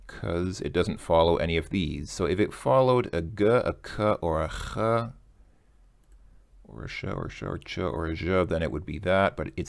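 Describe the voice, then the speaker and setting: A man's voice: deep voice, creaky. A man tutoring a language lesson, thinking aloud as he works through exercises, hesitant and self-correcting.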